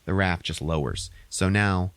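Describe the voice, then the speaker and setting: A man's voice: low-pitched, measured pace, clean tone, dry recording. A young man hosting a podcast, recapping a movie in a rambling, swear-heavy casual way. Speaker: podcast host.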